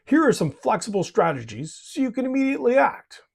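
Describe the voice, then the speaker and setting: A man's voice: extremely high pitch, sing-song, brisk, gravelly, a little mellow, slightly rough. A man hosts a miniature painting channel, giving scripted hobby advice in a jokey, folksy way. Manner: jokey and folksy, tags lines with "eh".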